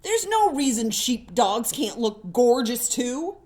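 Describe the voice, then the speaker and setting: A woman voicing a kind young male sheep hairdresser who speaks gently and apologetically. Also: on the high side, big pitch swings, slow. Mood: gentle.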